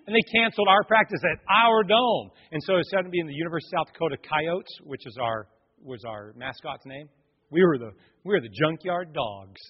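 Animated preacher man in an echoey hall. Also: on the high side, brisk, husky. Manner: animated storytelling with acted voices and shouts. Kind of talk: sermon. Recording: echoey hall, dull lo-fi sound.

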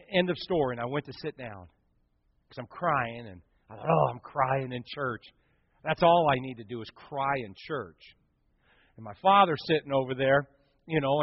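A middle-aged man preaching a personal story as a sermon, swinging from loud bursts to hushed, near-whispered lines. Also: mid-range voice, moderate pace, dry recording. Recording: dull dry sound.

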